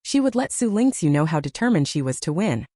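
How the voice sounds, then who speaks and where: A woman reads a novel aloud as a scripted audiobook narration. Her voice sits low and mellow and moves freely up and down in pitch. The sound is close and dry, with no room around it. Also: sing-song, brisk, no room sound.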